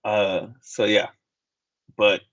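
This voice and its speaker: A man's voice: fairly low pitch, little pitch movement, very slow, a bit bright, no room sound, highs cut off. A man co-hosting a podcast, chatting casually and telling a story with plenty of fillers and restarts. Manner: rambling storyteller with frequent fillers. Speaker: podcast co-host. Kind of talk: casual chat.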